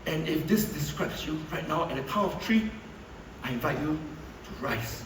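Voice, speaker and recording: A man giving an animated motivational talk to a live audience, tossing rhetorical questions at them. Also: on the high side, moderate pace, noisy background. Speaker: motivational speaker. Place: hall with an audience. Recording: echoey hall from far off.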